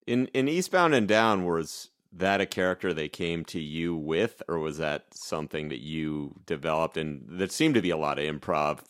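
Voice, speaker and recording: A man's voice: very deep voice, normal speed, few pauses, fairly bright tone, clear, resonant tone. A man co-hosting a podcast, asking rambling questions in easygoing casual chat. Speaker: podcast co-host.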